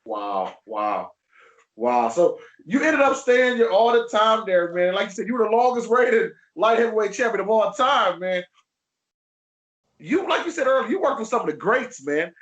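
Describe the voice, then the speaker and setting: Male podcast host, very high voice, relaxed casual interviewer. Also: dull audio. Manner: relaxed, calls guest "man", slow-paced questions.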